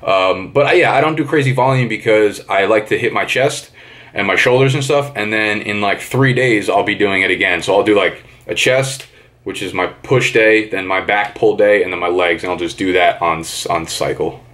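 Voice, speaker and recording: A young man in his twenties with a fairly low voice talks straight to his handheld camera. His delivery is loose and chatty, with offhand swearing, like a casual daily vlog. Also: moderate pace, a bit bright. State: out of breath after a workout. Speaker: vlogger. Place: gym and home, indoors.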